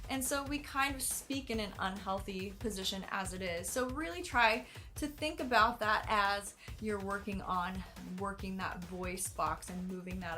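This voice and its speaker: An American woman walks through how the voice works, her pitch sitting in the middle and her explanations loose and chatty, full of "kind of". Faint music plays quietly under her voice. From United States. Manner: casual and hedging, with many "kind of" fillers. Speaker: singing teacher. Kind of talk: explaining vocal anatomy to the camera.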